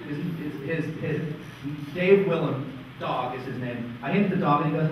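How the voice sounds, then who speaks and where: High-voiced man telling a story in a hall. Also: normal speed, slight background noise. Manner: animated anecdotal storyteller, self-interrupting. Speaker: conference co-presenter. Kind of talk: storytelling on stage. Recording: echoey hall, far-off dull mic.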